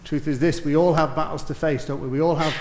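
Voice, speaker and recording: A man preaching a sermon, telling a story that swells to emphatic peaks and drops to soft, quiet lines. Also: on the high side, steady tone, fast, echoey room, slight background noise.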